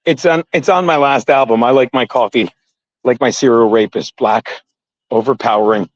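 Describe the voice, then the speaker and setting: A man's voice: mid-range voice, moderate pace, dry recording. A middle-aged man chatting casually on a livestream to his viewers, rambling and swearing often and laughing at his own jokes. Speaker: comedian livestream host. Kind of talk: casual chat to a live chat while jump roping. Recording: dry, dull lo-fi sound.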